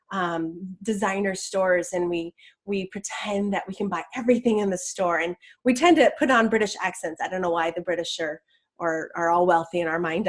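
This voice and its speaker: A woman teaching law of attraction in a casual, enthusiastic talk, chatty with many restarts. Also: mid-range voice.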